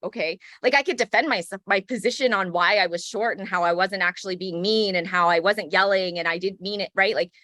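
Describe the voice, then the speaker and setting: A woman's voice: mid-range voice, brisk, few pauses, bright, forceful tone, no echo. Woman cohost on a parenting podcast, reflective and affirming, dry close mic, keeps saying right. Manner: reflective, affirming, often ends points with "right?". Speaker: podcast co-host. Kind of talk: casual conversational chat.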